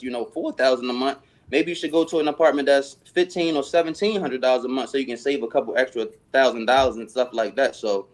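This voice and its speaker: A young man in his twenties co-hosts a casual chat. He gives relaxed, encouraging advice in a voice of middle pitch. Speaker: co-host.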